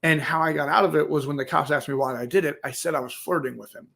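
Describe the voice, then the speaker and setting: Guy guest on a podcast, kinda high and gravelly, animated storytelling, keeps saying right?. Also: quick pace. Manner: animated, acts out quotes, says "right?" often. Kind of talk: casual storytelling.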